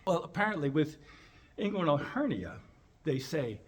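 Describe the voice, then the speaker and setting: A man, a chiropractor, telling a funny personal story as a speech and acting out the lines with big jumps in pitch and volume. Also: very animated, normal speed, slightly rough.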